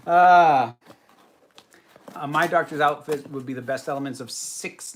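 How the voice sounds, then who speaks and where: A man's voice: a little high, takes it slowly. A man hosting a casual livestream. He chats and answers viewer comments in a self-deprecating way. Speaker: host.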